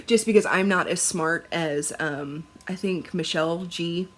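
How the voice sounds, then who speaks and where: A woman's voice: lowish voice, very animated, slow, slight background noise. A young woman chatting casually about her stitching, laughing often and swearing now and then. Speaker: cross-stitch vlogger.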